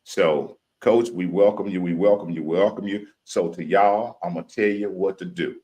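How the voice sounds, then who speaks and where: A man's voice: sits low, steady tone. A man from Louisiana, hosting a live stream show in folksy country talk. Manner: hyped chanting intro, drawn-out shouting. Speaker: podcast host.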